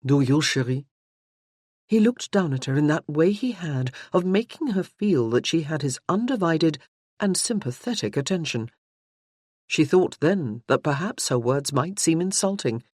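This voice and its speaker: An audiobook narrator reading a novel in a measured, even storytelling manner. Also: mid-range voice, dry recording, studio quality. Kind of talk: scripted narration.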